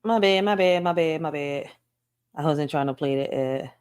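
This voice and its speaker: A woman's voice: low-pitched, normal speed, darkish tone, smooth. A woman hosting a casual news reaction show, talking bluntly with swearing and laughing asides. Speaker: host.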